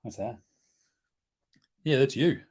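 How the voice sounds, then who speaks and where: A man's voice: medium pitch, expressive, takes it slowly, darkish tone, breathy edge. Australian male host, casual live stream banter, joking and chatty. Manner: joking, chatty, talks to his baby.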